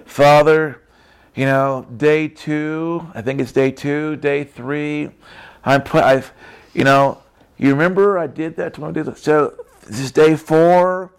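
A Christian speaker, a man with a somewhat high, clean-toned voice, gives a casual testimony talk at a slow pace with a steady tone. He is emphatic and repetitive, often ending sentences with "right?".

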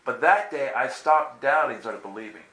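A man tells a personal story with a bright, fairly high voice that swings widely in pitch. He acts out the voices in his tale and laughs often. The room around him is echoey, with faint ambience underneath. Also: animated, a little fast. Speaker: guest telling a testimony. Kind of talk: animated storytelling.

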